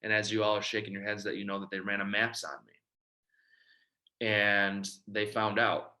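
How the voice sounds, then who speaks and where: A man's voice: fairly low pitch, monotone, a little slow, sharp tone. A man from Michigan giving a personal testimony talk about his recovery, telling the story and acting out the dialogue. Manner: storytelling, acts out quoted dialogue. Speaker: recovery speaker.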